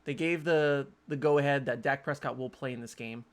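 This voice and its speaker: A man hosting a casual sports podcast, talking in animated, quick bursts with frequent restarts. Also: medium pitch. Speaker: podcast host.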